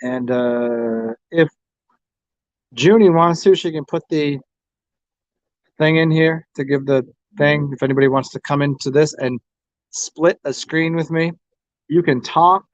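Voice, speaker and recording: A man's voice: a little high, a little slow, pauses often, no room sound, highs cut off. An American man hosting a casual tarot livestream, rambling and crude, taunting the people who join. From United States. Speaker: livestream host reading tarot.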